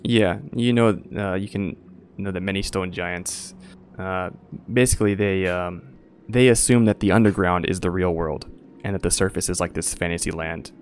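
A man narrating as game master of a tabletop game, relaxed, with frequent filler pauses. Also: low voice, a little hiss or hum.

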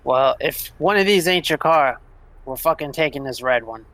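A man's voice: mid-range voice, lively intonation, normal speed, fairly bright tone, no room sound, poor audio. A man voicing a profane, blunt young male street enforcer in a tabletop game. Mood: gruff.

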